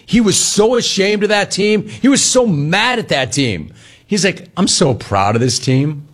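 A man's voice: fairly high pitch, a bit bright. A middle-aged man hosting a sports talk radio show, riffing sarcastically on callers and the news.

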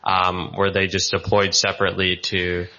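A man's voice: deep voice, monotone, normal speed, bright, forceful tone. A man in a lecture audience asking a question hesitantly, with many fillers. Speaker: audience member. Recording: dull lo-fi lecture recording.

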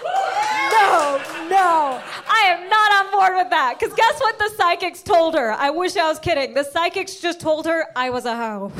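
A woman's voice: very high voice, very animated, a little slow, noisy background. A woman from the United States doing stand-up comedy, brash and punchy, often laughing through her lines.

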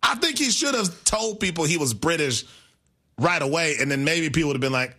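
A man's voice: medium pitch, expressive, fairly bright tone, husky. A man co-hosting a sports radio show, chatting casually, stumbling and restarting his sentences and laughing easily. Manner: halting, self-interrupting, laughs easily. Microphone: studio microphone.

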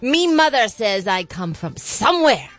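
A woman's voice: fairly high pitch, sing-song, normal speed, a bit bright, soft background music. A woman voicing a rowdy pirate with a growling voice.

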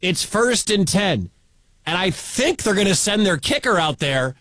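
A man calling a live football game on radio as play-by-play announcer, excitable and building to shouts at big plays. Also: high-pitched, a little slow, no room sound.

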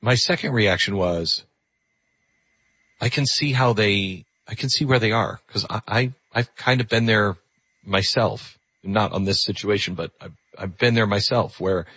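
A man's voice: on the low side, unhurried, husky, no room sound. A man hosting a call-in radio show, talking earnestly with frequent restarts. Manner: earnest, animated, with repeated restarts. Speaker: radio talk show host. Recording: slightly muffled radio studio audio.

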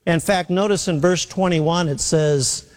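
A man's voice: fairly high pitch, unhurried, long reverb tail. A man preaching a sermon in an earnest way, repeating his key phrases for emphasis.

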